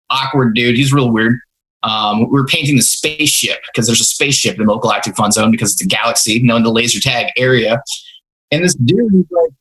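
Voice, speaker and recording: A young man hosts a podcast, casually telling rambling, self-mocking stories about his first jobs. His medium-pitched voice has a fairly bright tone, though the audio quality is poor.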